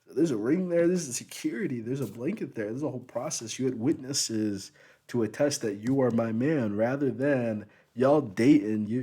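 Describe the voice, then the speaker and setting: A man's voice: medium pitch, darkish tone, breathy edge. A young man gives a blunt, profane, rambling opinion monologue. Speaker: vlogger.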